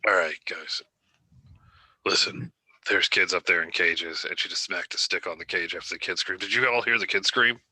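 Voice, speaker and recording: A man's voice: deep voice, fairly even intonation, normal speed, pushed and bright, dry recording. A man playing in a tabletop game, talking in character in an urgent, commanding way. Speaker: player.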